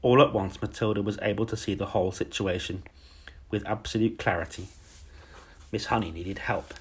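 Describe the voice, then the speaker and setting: A man narrating a children's storybook in a measured, calm way. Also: lowish voice, breathy edge. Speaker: audiobook narrator.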